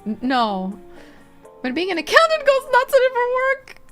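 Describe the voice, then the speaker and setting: A woman's voice: very high-pitched, wildly swooping pitch, moderate pace, a bit bright, faint music behind. A woman streaming live and chatting casually with viewers; she giggles constantly and swears freely.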